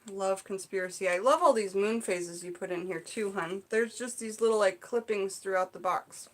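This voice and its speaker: A woman vlogger from the Seattle area chatting to her viewers as she opens gifts, gushing, excited and full of fillers. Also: medium pitch, moderate pace. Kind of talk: casual unboxing chat to viewers.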